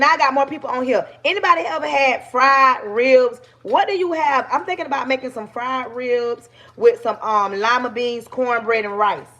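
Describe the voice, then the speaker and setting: A woman's voice: fairly high pitch, fairly bright tone. A woman with a Southern US accent chatting casually with her viewers on a livestream while she cooks. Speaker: livestream host.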